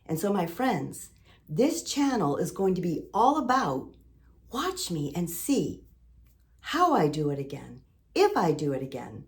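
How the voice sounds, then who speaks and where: A woman's voice: on the low side, big pitch swings, unhurried. A middle-aged woman vlogging a heartfelt motivational monologue, earnest and emotional, repeating phrases for emphasis. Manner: earnest, emotional, full of sailing metaphors. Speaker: lifestyle vlogger.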